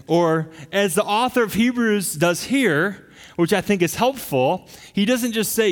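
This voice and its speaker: A middle-aged man preaches with earnest emphasis, pressing his points and often restarting a phrase. His voice sits a little high for a man. It rings with a long reverb through a church hall. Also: lively intonation, a little slow. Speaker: pastor. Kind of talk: sermon.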